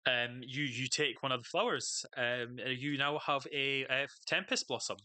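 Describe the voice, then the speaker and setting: Bright-voiced man running a tabletop game. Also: mid-range voice, steady tone, no room sound. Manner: halting, full of fillers and restarts. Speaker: game master.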